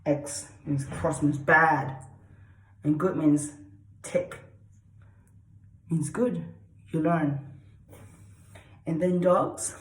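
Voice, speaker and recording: A woman's voice: deep voice, a little mellow. A woman vlogger lecturing about dogs in a blunt, repetitive way, swearing freely and often checking with "okay?". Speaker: dog trainer vlogger. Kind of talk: lecture-style casual talk to camera. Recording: echoey room.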